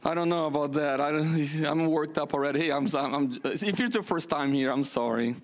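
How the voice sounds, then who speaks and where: Animated pastor, high voice. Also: male voice, brisk, hardly any pauses. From Brazil. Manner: animated, joking storyteller with many restarts. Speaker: senior pastor. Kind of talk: casual sermon announcements.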